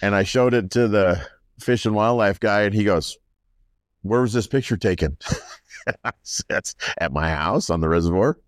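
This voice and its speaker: Speaking at a moderate pace with long pauses in a lowish voice, a male farmer and landowner guest chats casually, telling meandering stories full of restarts and quoted dialogue. The studio recording is clean with no echo.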